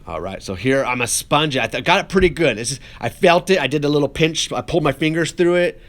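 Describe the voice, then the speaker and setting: A male art teacher with a high-ish, expressive voice leads a pottery lesson at a quick pace. Working the clay with his hands, he chats casually and cheerfully, upbeat and encouraging toward his students in this relaxed classroom demonstration.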